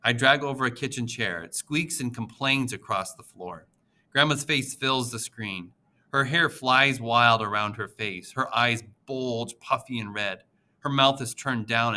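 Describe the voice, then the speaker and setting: A man narrating an audiobook in the first person, with an expressive, emotional reading. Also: medium pitch, unhurried.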